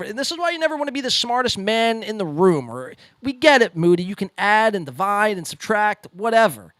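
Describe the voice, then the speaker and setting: A man hosts a podcast and talks over clips in a loose, sarcastic, profane way. His pitch sits a little high and swings widely as he mocks and stumbles through restarts. The sound is dry and close. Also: fairly quick, few pauses, no echo. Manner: sarcastic, mocking, lively delivery. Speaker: podcast host reacting to clips. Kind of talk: casual profane commentary.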